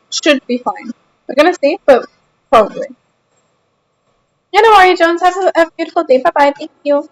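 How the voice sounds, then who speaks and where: This young woman is a gaming streamer, playing from the sofa at home and chatting easily with viewers. She speaks in a bright, high voice, responding to chat aloud with a teasing, defensive streak, and nothing feels scripted. The recording quality is low.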